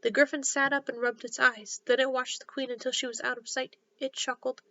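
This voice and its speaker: A woman reads a children's story aloud in a gentle, steady narrating voice that sits fairly high. The recording is a little dull and lo-fi. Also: a little fast, dry recording.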